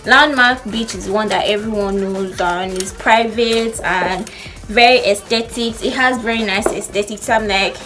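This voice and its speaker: A young woman with a Nigerian accent telling a story to camera in an animated way, acting out what people said. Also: mid-range voice. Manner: animated storytelling, acts out quotes. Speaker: vlogger. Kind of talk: storytime chat.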